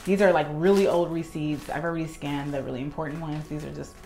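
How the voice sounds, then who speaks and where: Low-voiced woman telling a storytime. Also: fast talker. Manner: animated storytelling, acts out her own past reactions. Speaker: professional organizer. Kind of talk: storytime vlog while organizing.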